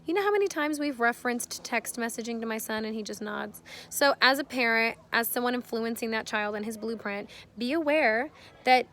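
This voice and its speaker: A woman's voice: on the high side, expressive, brisk, a bit bright, slight background noise. Earnest woman giving parenting advice. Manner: earnest, explains at length, acts out her kids' voices. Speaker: parenting vlogger. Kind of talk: casual advice talk to camera.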